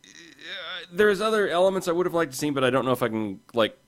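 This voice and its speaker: A man's voice: fairly high pitch, very animated, fast talker. A man co-hosting a casual podcast, hesitant, with many restarts as he gives his view. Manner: hesitant, lots of fillers and restarts. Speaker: podcast co-host, comics reviewer.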